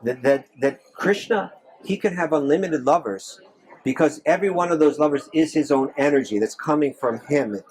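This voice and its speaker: A man's voice: on the high side, normal speed, a little mellow, slightly rough. A man, a monk, answering audience questions in a temple hall, earnest, with many restarts and repeated phrases. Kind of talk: live Q&A talk.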